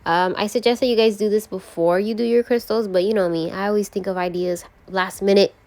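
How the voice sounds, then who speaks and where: A woman's voice: mid-range voice, fairly even intonation, a little fast, a little mellow. Young woman beauty vlogger, bubbly and gushing, casual chat to camera. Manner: bubbly, gushing, chatty, addresses viewers as friend. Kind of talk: casual nail tutorial.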